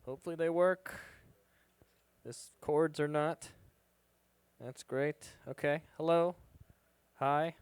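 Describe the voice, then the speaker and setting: A young man doing stand-up at an open mic in a bar, with a smooth, clear voice. He talks in a casual, halting way, full of little ums. The sound is dry and close on a handheld mic. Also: a little high, fairly even intonation, no echo. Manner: casual, hesitant delivery with many ums. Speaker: stand-up comedian. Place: live music bar stage.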